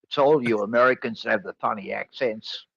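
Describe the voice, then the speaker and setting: A man's voice: medium pitch, normal speed, creaky, a bit bright, breathy edge, dull audio. A man with an Australian accent, a guest chatting casually over a video call with a dry, teasing manner.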